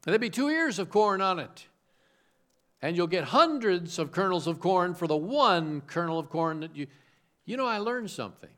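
Male preacher from the Chicago suburbs, animated storyteller with a lively, slightly high voice. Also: moderate pace. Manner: animated preaching with rhetorical questions and homespun stories. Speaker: pastor. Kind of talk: sermon.

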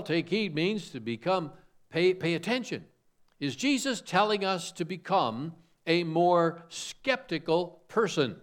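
A man's voice: a little high, a bit bright. A man preaching a sermon, from suburban Chicago, asking rhetorical questions and telling homespun stories. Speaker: pastor.

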